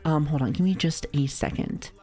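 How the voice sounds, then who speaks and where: A woman's voice: low-pitched, normal speed, mellow, husky, soft background music. A woman streamer chatting casually with her viewers, playful and giggly, often laughing and swearing lightly. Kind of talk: casual live-stream chat.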